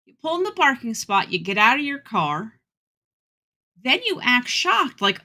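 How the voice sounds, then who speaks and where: Woman co-host, high and bright, animated storyteller, casual chat. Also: unhurried. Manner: animated, acts out quoted reactions.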